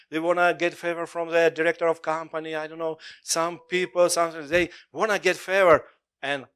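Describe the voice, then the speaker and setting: Animated preaching man, slightly high voice. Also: smooth. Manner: animated, laughing often, call-and-response with congregation. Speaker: pastor. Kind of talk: sermon.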